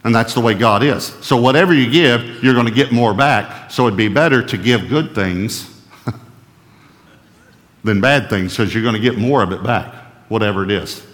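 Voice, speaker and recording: A male pastor preaching a sermon with emphasis, who slows right down to read scripture and keeps checking with his audience. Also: mid-range voice, fairly bright tone, in a large hall.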